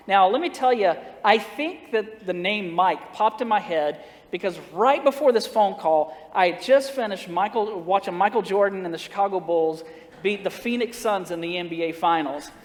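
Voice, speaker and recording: In a church sanctuary with long reverb, a high-pitched man preaches a storytelling sermon at a moderate pace. He's folksy and humorous, acting out his story's dialogue and laughing at his own jokes.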